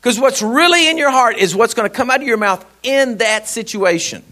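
A male pastor, telling a personal story in a sermon, laughing and animated. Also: very high voice, a little fast.

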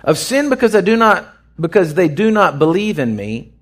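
Preacher guy, high voice that jumps all over, preaching off the cuff. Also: moderate pace. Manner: animated, acts out voices in his storytelling. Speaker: pastor. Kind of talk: off-the-cuff sermon.

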